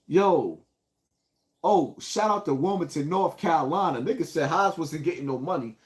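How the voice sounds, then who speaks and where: A man's voice: a little high, lively intonation, moderate pace. A man from the Bronx, hosting a casual live stream and hyping up his viewers. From Bronx, New York. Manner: hyped, calls out viewers by place. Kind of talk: casual livestream talk.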